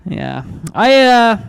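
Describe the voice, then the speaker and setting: A man in his thirties doing a stand-up comedy set in a club, awkward and self-deprecating, halting with ums and restarts. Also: extremely high pitch, gravelly, smooth, poor audio. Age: 30s.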